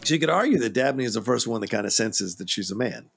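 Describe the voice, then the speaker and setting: A man's voice: mid-range voice, animated, rapid-fire, gravelly, a bit bright, slightly rough. A man co-hosting a casual film podcast, chatty and full of trivia, with many fillers. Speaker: podcast co-host.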